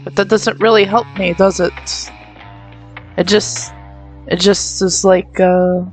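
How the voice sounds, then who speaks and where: A woman's voice: medium pitch, fairly even intonation, takes it slowly, faint music behind. Giggly self-mocking woman gaming. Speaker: gamer playing through a game. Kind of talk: let's-play commentary.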